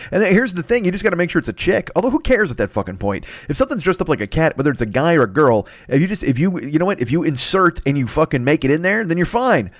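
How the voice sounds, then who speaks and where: A man's voice: a little high, no room sound, studio quality. Rambling, profane male podcast host. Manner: profane, self-mocking, stammering restarts. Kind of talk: rambling comic monologue.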